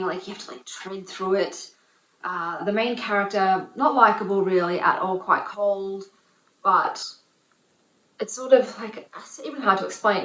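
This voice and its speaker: A woman reviewing books in a casual vlog, talking in an opinionated, animated way with lots of fillers. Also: mid-range voice. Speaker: book reviewer. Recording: roomy echo.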